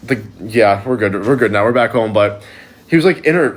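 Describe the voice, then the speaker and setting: A man's voice: mid-range voice, brisk. Young man rambling through a story. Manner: rambling, heavy use of "like" fillers. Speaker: storyteller on social video. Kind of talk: casual anecdote.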